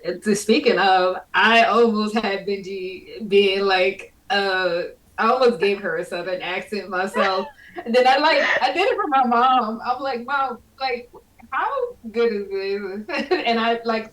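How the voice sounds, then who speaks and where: A woman on a panel telling a lively, giggly anecdote. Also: medium pitch, measured pace, recorded from a distance, poor audio. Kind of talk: casual anecdote.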